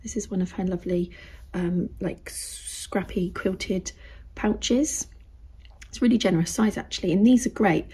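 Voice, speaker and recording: A British woman vlogging casually as she shows craft items to the camera. She chats easily and often drops into soft, half-whispered asides. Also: mid-range voice, normal speed, slight background noise. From United Kingdom.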